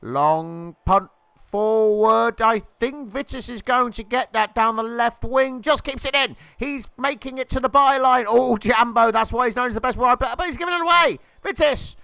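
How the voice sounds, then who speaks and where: A man calls a video game football match in a playful commentator's patter, jumping to excited shouts when the ball nears the goal. His voice sits high and comes across crisp and smooth. The recording is close and dry, with no room sound. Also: moderate pace, no room sound. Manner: jokey, rises to excited shouts at near misses and goals.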